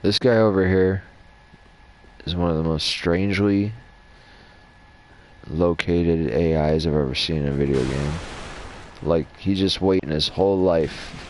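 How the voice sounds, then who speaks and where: Male gaming host with a deep, low voice, casual and foul-mouthed, rambling through lore commentary. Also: unhurried, pauses often. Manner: casual, rambling, heavy swearing. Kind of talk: lore commentary over gameplay.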